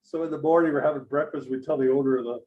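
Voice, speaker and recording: A man in casual chat, telling anecdotes in an animated way. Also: medium pitch, rapid-fire, lo-fi sound. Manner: animated storyteller.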